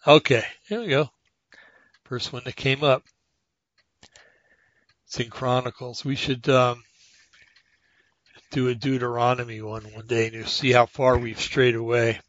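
A man hosting his own podcast, reading scripture aloud in a halting, earnest way, with many pauses and self-corrections. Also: medium pitch, little pitch movement, a bit bright, no echo, muffled recording. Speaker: podcast host.

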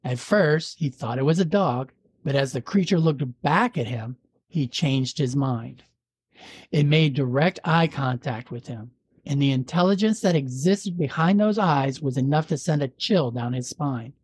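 A man hosting a podcast, reading a local legend aloud in a measured storytelling manner with dry jokes. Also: mid-range voice, animated, slightly rough, dry recording. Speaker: podcast host.

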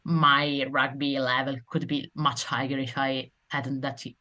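A young Italian woman with an accent from northern Italy, speaking English as a second language in a casual interview, halting with many fillers and restarts. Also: extremely low pitch, little pitch movement, bright, forceful tone. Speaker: guest rugby player.

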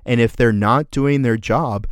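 A man's voice: medium pitch, measured pace, dry recording, studio quality. A man co-hosting a podcast, ranting casually and earnestly with lots of swearing and fillers. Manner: profane, earnest, filler-heavy. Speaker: podcast co-host.

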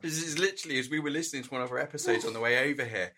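A man's voice: medium pitch, rapid-fire, very noisy. A man co-hosting a drunken chat podcast, joking, swearing and giggling. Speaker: podcast co-host. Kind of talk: drunken casual banter.

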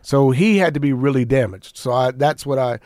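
A man, an actor and comedian, chatting as a guest in a casual interview, telling animated stories, laughing often and repeating phrases for emphasis. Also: medium pitch, moderate pace, no room sound, studio quality.

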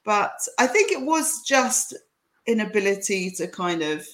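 A woman's voice: medium pitch, sing-song, measured pace, a bit bright. A woman who is a comedian and podcast host, telling a story in casual chat and acting out what people said. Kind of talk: anecdote told in casual chat.

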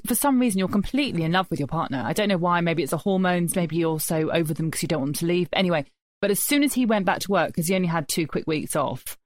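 A woman's voice: lowish voice, no echo, studio quality. A woman, co-hosting a casual podcast and chatting sympathetically about new parenthood. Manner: sympathetic, chatty, drops quieter when reflecting. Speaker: podcast co-host. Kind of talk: casual chat.

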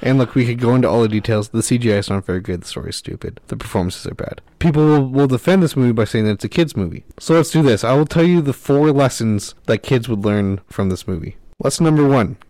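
A man co-hosting a movie podcast, giving wry, deadpan complaints in casual chat. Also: mid-range voice, fast talker, hardly any pauses, no echo. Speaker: podcast co-host.

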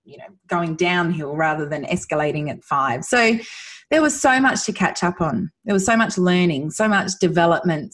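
A woman's voice: fairly low pitch, husky. A woman as a podcast guest, talking earnestly and from the heart about her son, with many restarts and fillers. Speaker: guest, mother sharing her son's recovery. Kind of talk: emotional podcast conversation.

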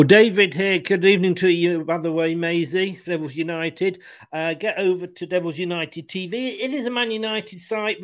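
A man hosting a casual live fan stream, chatting quickly and reading out viewer comments. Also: on the high side. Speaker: fan channel host.

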